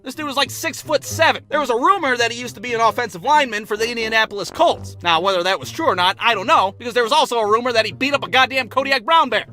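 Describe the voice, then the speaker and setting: Brash, profane high-voiced male storyteller. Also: bright, forceful tone. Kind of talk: comedic animated storytelling.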